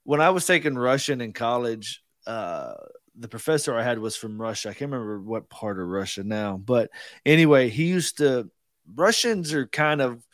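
Texan man telling animated anecdotes. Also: mid-range voice, no room sound, studio quality. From Texas. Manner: animated anecdote teller, acts out quoted lines. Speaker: podcast co-host. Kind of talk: casual storytelling.

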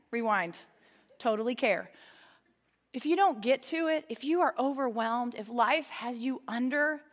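A middle-aged woman teaching a Bible study with a bright high voice, full of bubbly enthusiasm and playful asides. She speaks to a church group, and her voice rings with a long hall reverb. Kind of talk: women's Bible study talk. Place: church meeting room with an audience.

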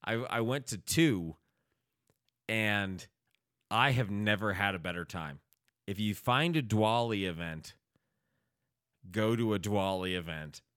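A man's voice: on the low side, a little slow, pauses often, a bit bright, dry recording, studio quality. A man co-hosting a podcast, rambling and swearing freely in crude casual chat, laughing often. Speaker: podcast co-host.

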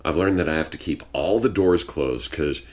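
Young guy with a really deep voice, swearing a lot, laid-back storytelling. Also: normal speed, darkish tone. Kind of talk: casual chat. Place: home studio with sound blankets.

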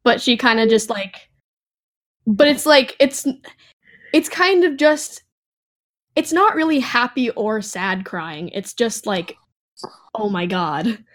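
A woman's voice: on the high side, lively intonation, takes it slowly, long pauses. A woman player describing her character hesitantly, with many fillers. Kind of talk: casual tabletop play.

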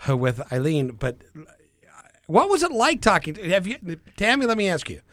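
A man's voice: high voice, huge pitch swings, moderate pace, fairly bright tone, no room sound, studio quality. A man hosting an interview, asking questions in a folksy, playfully teasing way. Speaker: interview host. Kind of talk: talk show interview.

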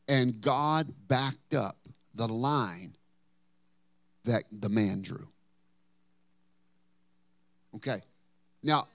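A male pastor preaching a sermon, telling Bible stories dramatically and rising to loud bursts. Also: mid-range voice, no room sound.

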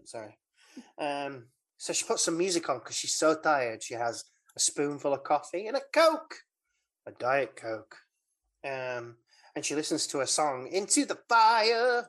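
A woman's voice: deep voice, very animated, normal speed. A woman, casually recapping a film as a podcast co-host, rambling and giggly with many fillers. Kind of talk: casual chat.

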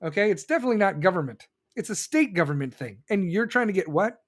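A man's voice: sits high, animated, fast. A man doing a heated, sarcastic and profane political rant, reading viewer comments and mocking others.

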